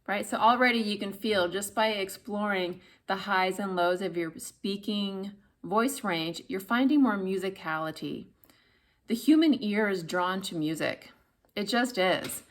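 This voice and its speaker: Woman, voice coach, medium pitch, expressive instructional talk. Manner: expressive, demonstrates pitch and volume shifts.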